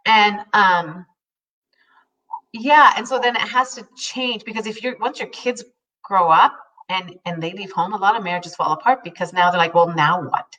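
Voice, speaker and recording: A woman's voice: medium pitch, moderate pace, far from the mic, rough recording. A woman in her fifties chatting casually as co-host, telling stories with lots of laughter and acted-out quotes. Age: 50s. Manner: animated storyteller, laughs often, acts out quotes. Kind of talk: casual chat.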